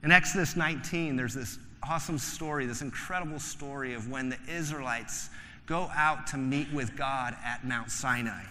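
A man preaching a sermon in a relaxed, joking, conversational way, acting out the voices in the stories he tells. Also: mid-range voice, moderate pace, a little hiss or hum. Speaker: pastor. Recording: long hall reverb.

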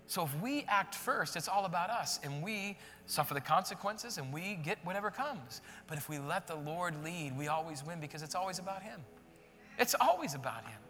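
A man preaching a sermon, retelling a story in an animated, slangy way and then speaking earnestly to the congregation. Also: sits high, moderate pace, in a large hall, faint music behind. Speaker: pastor.

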